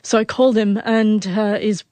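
A woman in her forties tells her story as an interview guest, and her stutter catches on the first sounds of words. Her voice sits at a middle pitch. The recording is dry and close. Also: steady tone, normal speed, darkish tone, dry recording. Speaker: author and guest.

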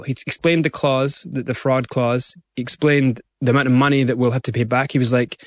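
A man's voice: medium pitch, steady tone, fast talker, few pauses, no echo. A man, a guest in an interview, recounting events animatedly and acting out other people's lines. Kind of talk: interview storytelling.

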